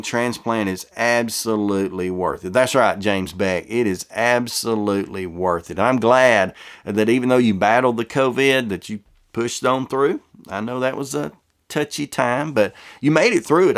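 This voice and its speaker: Folksy man reading viewer comments. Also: mid-range voice. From US South. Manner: warm, folksy, stumbles over names.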